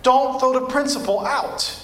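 Brief: male pastor, very high and bright voice, emphatic repeating preacher cadence, echoey church sound. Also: measured pace. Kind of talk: sermon.

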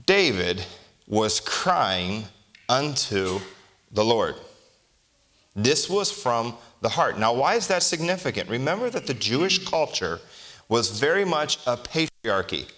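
A man preaching a sermon as a pastor, reading scripture slowly and deliberately and asking the congregation rhetorical questions in a conversational way. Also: medium pitch, sing-song, pushed and bright.

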